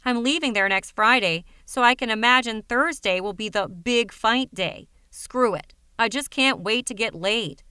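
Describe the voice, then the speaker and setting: A woman's voice: fairly high pitch, a little slow, hardly any pauses, sharp tone, smooth, dry recording, clean studio sound. A woman voicing a blunt young woman friend with a brash, sarcastic manner in an audiobook reading. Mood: teasing.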